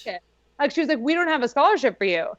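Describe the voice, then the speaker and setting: A woman's voice: high-pitched, very animated, racing, a loud crowd. Chatty young woman, dull lo-fi sound. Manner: chatty, lots of "like", laughs while telling. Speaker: guest. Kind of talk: casual storytelling.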